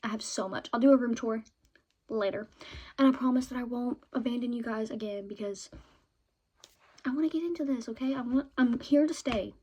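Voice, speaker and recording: A young woman vlogging in a chatty, excitable way about her favorite shows and books, often ending points with "okay?". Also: on the high side, brisk.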